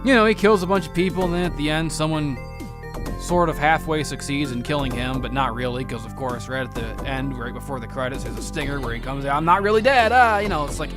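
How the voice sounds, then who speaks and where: A man's voice: mid-range voice, fairly even intonation, brisk. Guy rambling about a horror movie, swears a lot, music going behind. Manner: profane, rambling and jokey. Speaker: horror vlogger. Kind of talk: casual movie review.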